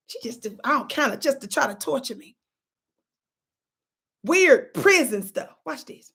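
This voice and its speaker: Animated high-voiced woman telling a story. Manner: animated, repeats "watch this", drops to whispers for quotes. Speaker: channel host. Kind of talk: storytelling vlog.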